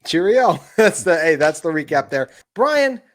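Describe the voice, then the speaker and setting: A man's voice: a little high, big pitch swings, a little slow, fairly bright tone. A man hosting a sports podcast, chatting in an upbeat way and steering the talk from one topic to the next. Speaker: podcast host. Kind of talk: casual sports chat.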